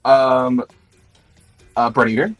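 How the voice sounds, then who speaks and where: A man's voice: medium pitch, takes it slowly, fairly bright tone, faint music behind, rough recording. A man narrating as game master for a tabletop role-playing game, describing scenes loosely with many fillers.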